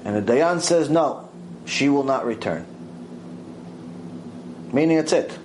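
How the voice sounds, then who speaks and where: A man giving a mussar lecture, telling a story with lively acted-out voices. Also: slow pace, slight background noise, poor audio. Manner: animated storytelling, acts out quoted voices with big pitch swings. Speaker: Torah teacher.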